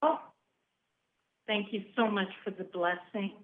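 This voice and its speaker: A woman's voice: medium pitch, measured pace, slight background noise. A woman calling in to a radio show, talking in a grateful, slightly hesitant way. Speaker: caller. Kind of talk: call-in radio talk. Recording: phone line.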